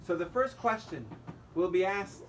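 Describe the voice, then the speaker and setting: A man's voice: sits high, normal speed, far from the mic, a little hiss or hum, rough recording. A male rabbi giving a holiday sermon, telling a joke as a story and acting out the dialogue. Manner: storytelling, quoting characters in dialogue.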